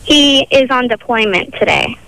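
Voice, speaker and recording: A young woman calling into a radio show, telling her story in a halting, matter-of-fact way. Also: high-pitched, lively intonation, bright, forceful tone, dry recording, rough recording. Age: young adult. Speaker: caller. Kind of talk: phone-in radio call.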